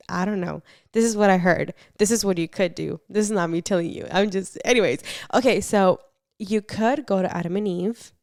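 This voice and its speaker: A woman's voice: lowish voice, no room sound. Chatty young woman podcast host, dry sound. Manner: chatty, animated, swears casually. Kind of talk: casual advice chat.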